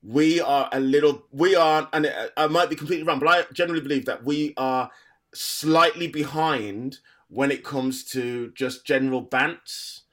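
A man's voice: fairly high pitch, moderate pace, a bit bright. A man with a Black Country accent, a stand-up comedian chatting casually on a podcast, rambling with frequent restarts and laughter. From Black Country, England.

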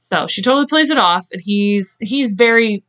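A woman hosting a podcast, retelling a case in casual chat, acting out quotes in quick voices and speaking bluntly. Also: medium pitch, animated, a bit bright, lo-fi sound. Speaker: podcast host. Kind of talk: casual true-crime storytelling.

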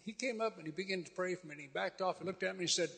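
A man's voice: sits high, very fast, gravelly, a bit bright, husky. A man giving a rambling, folksy testimony in sermon style, with many fillers. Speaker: guest speaker sharing a testimony. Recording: long hall reverb.

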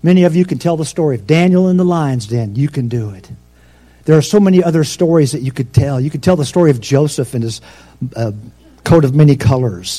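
A pastor preaching a sermon, swinging between loud emphatic peaks and soft, low asides. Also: male voice.

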